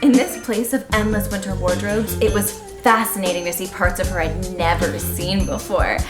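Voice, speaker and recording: A woman's voice: mid-range voice, fairly even intonation, moderate pace. A woman co-hosting a casual read-along podcast, reading aloud playfully with dramatic mock outbursts. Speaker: podcast co-host. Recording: echoey room with faint music.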